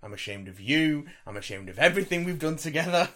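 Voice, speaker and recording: A man's voice: a little high, animated, quick pace, a crowd in the background. A man co-hosting a comedy podcast, teasing and theatrical. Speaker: podcast co-host. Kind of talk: casual comedic podcast chat.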